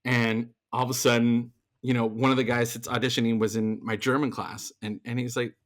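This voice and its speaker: A middle-aged man, a theater performer and voice actor, telling his story as a podcast guest in lively casual talk with many restarts. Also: mid-range voice, brisk. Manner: animated, acts out quoted voices, frequent restarts.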